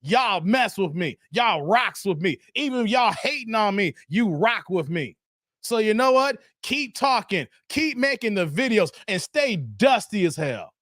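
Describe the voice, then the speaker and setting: A man's voice: high-pitched, sing-song, unhurried, a bit bright, no echo, clean studio sound. A man hosting a casual live stream, chatting loosely with viewers, answering their comments and often tossing in "man". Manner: brash and defiant toward critics.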